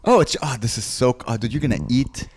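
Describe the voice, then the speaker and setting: A man's voice: mid-range voice, slightly rough. A man co-hosting a comedy podcast, teasing his co-host in casual banter and laughing often. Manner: teasing, excitable, quick to laugh. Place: Montreal.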